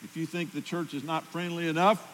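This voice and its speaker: A man preaching a sermon as pastor, emphatic, pushing his voice up loud to drive his points home. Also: a little high, level tone, brisk, long reverb tail, low-quality recording. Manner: emphatic, rises loudly at key points.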